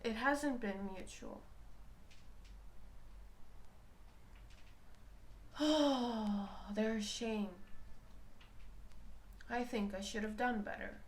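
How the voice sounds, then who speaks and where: Woman w/ a gravelly fry in her voice, spiritual reader, talking really openly, kinda emotional, keeps second-guessing herself. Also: fairly high pitch, slow pace, long pauses, slight background noise. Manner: candid, emotional, self-questioning. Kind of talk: personal reflective talk.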